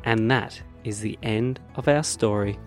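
A man narrating a children's bedtime story in a lively, animated way. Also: lowish voice, measured pace, soft background music. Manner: lively storytelling that swings from bright to hushed.

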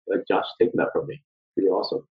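A man hosting a casual panel chat, relaxed and joking with his guests. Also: fast talker, echoey room, phone-quality sound. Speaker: host.

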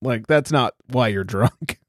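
A man's voice: mid-range voice, measured pace, no room sound, clean studio sound. A man hosting a podcast in casual chat, telling stories with lots of swearing and acted-out quotes. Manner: animated storyteller, swears freely, acts out quotes. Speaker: podcast host.

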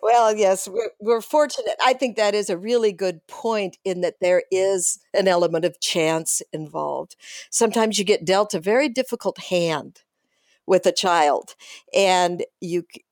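A woman's voice: medium pitch, a little slow, darkish tone, no echo, clean studio sound. An older woman, a guest on a podcast, speaking in a reassuring, casual way and laughing readily. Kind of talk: casual interview chat.

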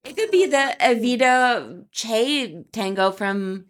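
A woman co-hosting a podcast in casual chat, quick-witted and teasing. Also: fairly high pitch, animated. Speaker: podcast co-host.

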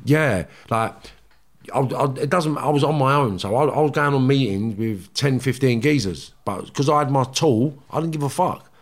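A man, a guest telling blunt, animated stories in a casual interview and swearing freely. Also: mid-range voice, normal speed.

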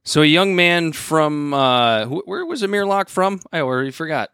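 A man co-hosting a podcast in casual chat, halting and repeating words as he talks. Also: fairly high pitch, big pitch swings, pushed and bright, clean tone. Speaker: podcast co-host.

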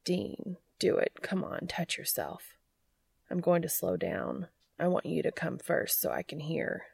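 A woman reading the part of an adult man in love, voicing him soft, low and breathy. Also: very animated, measured pace, no room sound, full character voice. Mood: hushed, intimate. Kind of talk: audiobook character reading.

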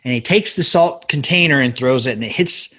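A man's voice: medium pitch, brisk, bright, forceful tone. A man co-hosting a casual movie podcast, eagerly recapping film scenes and laughing along. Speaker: podcast co-host.

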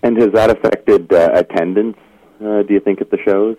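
A man co-hosting a radio show, asking questions in a wry, measured way. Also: fairly low pitch, fairly even intonation, mellow, no room sound, poor audio. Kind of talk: casual radio chat. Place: studio in Victoria, Canada.

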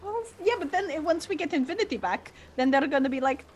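A woman playing a tabletop game, joking and giggling with the others. Her voice is high and swoops widely. There is a faint noise behind her. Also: lively intonation, a little mellow. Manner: playful and giggly, quick to tease. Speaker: player.

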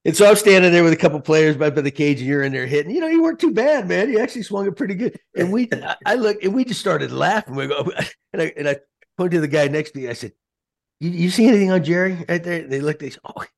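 A man hosting a podcast chat, animated and folksy, often repeating his words. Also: a little high, quick pace, gravelly. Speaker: podcast host. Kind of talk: casual chat.

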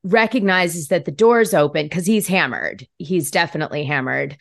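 A woman hosting a podcast in casual chat, chatty and quick to laugh. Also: low voice, expressive, creaky, fairly bright tone, no room sound, studio quality. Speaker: podcast host.

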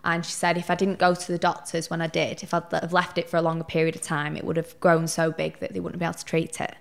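Guest: young woman, lowish voice, chatty and candid, swears casually. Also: fast talker, vocal fry. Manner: chatty, animated storyteller who swears casually. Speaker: podcast guest. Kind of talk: casual interview chat.

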